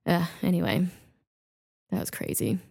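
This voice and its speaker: A woman's voice: lowish voice, animated, moderate pace, creaky, darkish tone. Swearing, laughing woman comedian. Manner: swears freely, laughs through an emotional story. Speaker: comedian guest. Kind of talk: casual chat.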